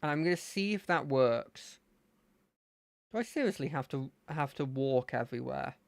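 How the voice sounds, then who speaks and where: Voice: mid-range voice, animated, moderate pace, gravelly, no room sound. A game streamer chatting casually and playfully while playing a fangame, thinking aloud. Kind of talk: casual gameplay commentary.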